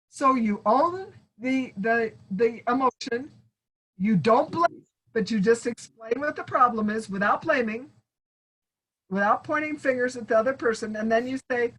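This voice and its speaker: A woman's voice: sits high, expressive, unhurried, breathy edge, low-quality recording. Encouraging woman coaching on a video call. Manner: warm encouraging, addresses listeners as friends; acts out sample phrases in asides. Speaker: speaking coach. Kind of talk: online training talk.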